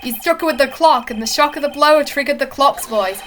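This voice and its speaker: Woman as an earnest young lawyer, pressing, high voice. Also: fairly quick, a bit bright, slight background noise.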